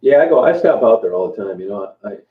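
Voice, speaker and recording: Talking loosely to viewers on his livestream, this low-voiced man stays relaxed yet stumbles along with lots of fillers and false starts. His sound comes through thin and phone-like, echoing off the room.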